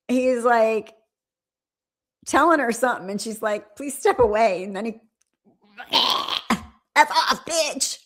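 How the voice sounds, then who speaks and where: A woman hosting a live stream, reacting to viral clips in casual, incredulous commentary with frequent laughs. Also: a little high.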